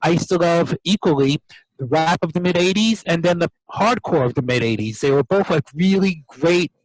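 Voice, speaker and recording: A middle-aged man from New York hosts a casual chat, reminiscing in a quick, rambling way. His voice sits a little high and sounds dry and close, with no room echo. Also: animated. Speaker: host.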